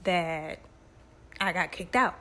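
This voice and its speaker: A woman doing a hesitant young man in his twenties, quiet and subdued, with a soft, low-key delivery. He sounds unsure of himself. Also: slow pace.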